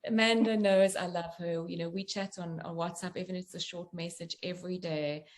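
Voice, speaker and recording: A middle-aged woman, a guest author and coach, talking in a gentle, earnest, reflective way and explaining through personal examples. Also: on the low side, fairly even intonation, fairly quick. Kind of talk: reflective interview talk.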